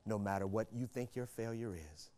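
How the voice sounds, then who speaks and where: A male pastor preaching a sermon, moving from quiet storytelling to shouted exhortation and repeating phrases for emphasis. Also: on the low side, normal speed, slight background noise. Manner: repeats phrases for emphasis, laughs between points.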